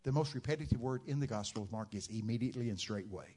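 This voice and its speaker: A man preaching a sermon, telling Bible stories with dramatic shouted outbursts. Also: mid-range voice, fast talker, slightly rough. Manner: dramatic storytelling, bursts into loud shouted quotes.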